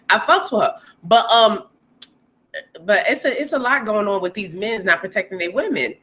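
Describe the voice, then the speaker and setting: A woman co-hosting a casual gossip chat, blunt and animated, often acting out quotes. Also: normal speed. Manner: animated, blunt, acts out quotes in high voices. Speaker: co-host.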